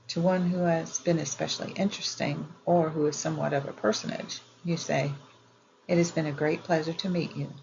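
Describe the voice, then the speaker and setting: A woman reading an old etiquette book aloud in a measured, even way. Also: sits low, gravelly, muffled recording, a little hiss or hum. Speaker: audiobook reader.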